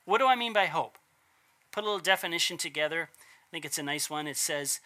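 A man's voice: on the high side, expressive, a little fast, sharp tone. A man preaching a casual, conversational sermon, asking rhetorical questions and correcting himself as he goes. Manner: chatty, asks rhetorical questions, self-corrects.

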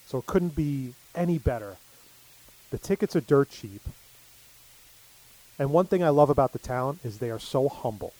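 A man's voice: medium pitch, lively intonation, normal speed, pauses often, darkish tone, rough recording. A middle-aged man telling stories in casual chat, full of fillers. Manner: rambling storyteller, many fillers.

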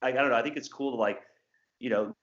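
Chatting quickly in a medium-pitched, fairly bright voice, this thirty-something guest from Southern Indiana, a former English teacher, rambles casually and leans on fillers. The recording sounds roomy and a bit dull.

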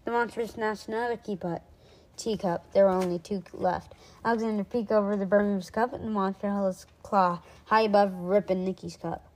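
A woman reading a children's storybook aloud, lively and with small slips she corrects. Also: medium pitch, a little fast, low-quality recording.

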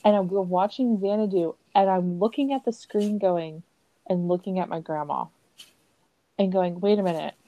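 This thirty-something podcast host is a lively storyteller in a relaxed conversation, frequently laughing and performing the lines she quotes. She speaks at a normal pace with a medium pitch, captured with lo-fi sound.

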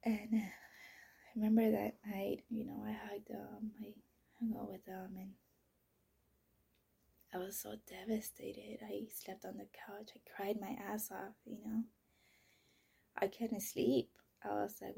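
A woman telling a raw personal story as a mother, swinging between loud outbursts and near-whispers. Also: mid-range voice, level tone, measured pace, gravelly, long pauses, breathy edge. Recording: voice message.

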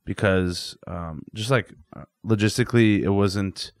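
A man's voice: lowish voice, measured pace, no room sound, clean studio sound. A young man, a comedian guest on a podcast, talking casually with plenty of fillers and self-deprecating rambles. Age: young adult. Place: podcast studio.

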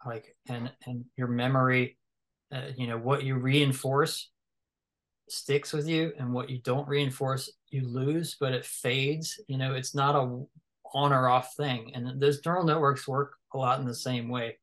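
A man's voice: mid-range voice, fairly even intonation, unhurried, fairly bright tone. A man talks in an easygoing conversation. He thinks aloud as he goes, full of fillers, restarts and loose asides. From American South. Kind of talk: casual conversation.

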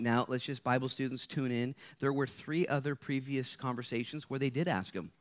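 A man, a guest speaker, preaching a lively sermon to students at a live gathering, playful and energetic, jumping from loud bursts to hushed asides. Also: medium pitch, moderate pace, hardly any pauses.

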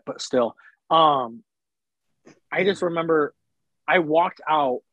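A man's voice: fairly high pitch, no echo. A man with a slightly raised voice tells wrestling stories in a loose, rambling way, swearing freely and breaking off to apologize. The sound is dull and lo-fi, and the room is dry and close. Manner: rambling, profane, apologetic storytelling. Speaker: professional wrestler, guest. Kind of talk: casual podcast chat.

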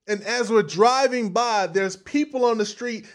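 A man with a high voice and delivers a sermon with big swings in volume and emphasis. He drops to near-whispers for asides, then punches key lines hard. He also acts out other people's voices as he preaches. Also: unhurried, hardly any pauses. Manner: animated preaching, dramatic swings between soft and loud.

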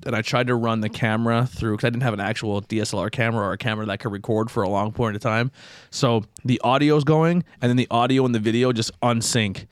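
A man's voice: mid-range voice, fairly even intonation, fast talker, clear, resonant tone, no room sound, clean studio sound. A man hosting a podcast, talking loosely and rambling, swearing freely as he goes. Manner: loose, profane, rambling storyteller. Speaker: podcast host. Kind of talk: casual chat. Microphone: podcast microphone.

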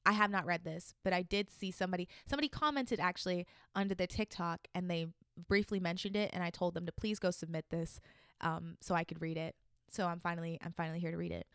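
A woman in her twenties hosting a solo podcast, reading listener stories aloud and reacting with loud, swearing outbursts. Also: on the low side, fast talker, clear, resonant tone, no room sound, studio quality. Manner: animated, swearing, reacting loudly. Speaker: podcast host.

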